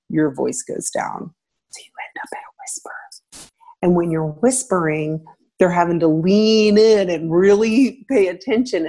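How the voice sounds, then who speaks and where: A woman, a former teacher, giving parenting advice in relaxed conversation, laughing now and then. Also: breathy edge. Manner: animated, laughs, acts out quotes with pitch jumps.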